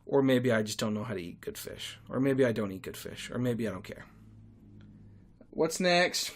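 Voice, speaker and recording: A man's voice: medium pitch, animated, normal speed. A young man hosting a podcast, telling stories in a crude, sarcastic rant. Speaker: podcast host. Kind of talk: solo podcast monologue.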